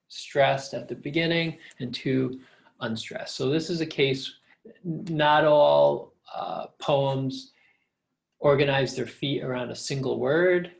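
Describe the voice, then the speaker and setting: A man's voice: medium pitch, slow, creaky. A middle-aged man, a professor, patiently explaining step by step in a recorded lecture.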